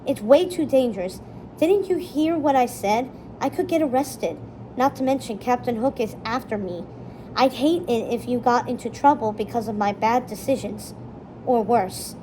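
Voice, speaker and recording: A woman's voice: on the high side, moderate pace, dark tone, slight background noise, close to an everyday voice, low-quality recording. A woman reading the lines of a worried but determined boy in a storybook.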